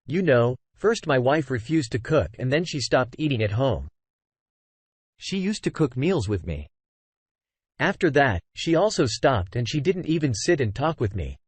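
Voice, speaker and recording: Male storyteller, earnest and conversational; lively pitch, dry close recording. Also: breathy edge, no room sound. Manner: conversational, frequent "you know" fillers. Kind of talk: first-person story narration.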